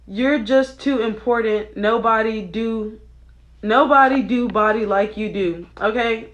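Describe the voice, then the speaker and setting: Young woman, chatty video-creator type, casual faith talk, mid-pitched voice, excitable. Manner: chatty, excitable, often asks "okay?". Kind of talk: casual spiritual commentary on song lyrics.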